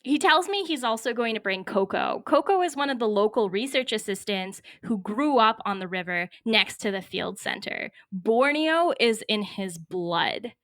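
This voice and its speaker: A young woman from Canada tells a personal story with vivid, wry scene-setting. Her voice sits a little high and sounds bright and forceful. The recording is close and dry, with no room sound. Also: animated, moderate pace, hardly any pauses, no room sound. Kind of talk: personal story told to a podcast. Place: her home.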